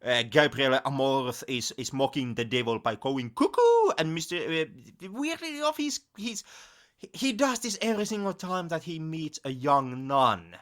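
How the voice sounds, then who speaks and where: A man co-hosting a podcast, chatting casually about films in an animated, sarcastic, mocking way. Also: a little high, moderate pace. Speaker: podcast co-host. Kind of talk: casual film-review chat.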